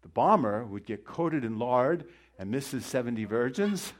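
A man's voice: medium pitch, lively intonation, normal speed, a little hiss or hum. A middle-aged man teaching a conversational sermon, wandering into joking asides and rhetorical questions. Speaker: Bible teacher.

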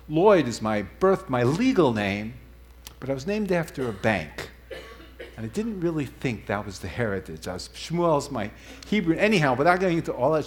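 Male preacher, conversational teaching sermon, animated delivery with self-corrections, somewhat higher-pitched voice.

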